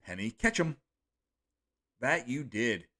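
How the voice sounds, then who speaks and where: Man, streamer, reading viewer comments, casual offhand chat, mid-pitched voice, trips over names. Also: sing-song, slow, pushed and bright.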